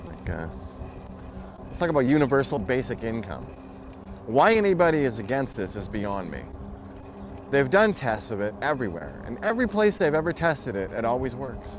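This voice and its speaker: Speaking at a moderate pace in a mid-range, sing-song voice, a male vlogger rants angrily about politics, swearing plenty and holding nothing back. Loud traffic and muffled audio mark the recording.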